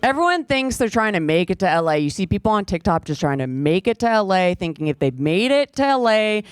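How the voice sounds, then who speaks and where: A young woman with a low voice performing a stand-up comedy set on a club stage with a handheld mic, dry and self-deprecating. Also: sing-song, fairly quick, clean tone, dry recording. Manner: dry, self-deprecating delivery with sudden high-pitched voiced asides.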